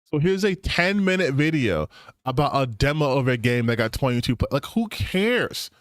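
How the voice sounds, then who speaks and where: A man's voice: medium pitch, sing-song, normal speed, dry recording, studio quality. A young man, streaming and mocking online posts in profane, casual commentary.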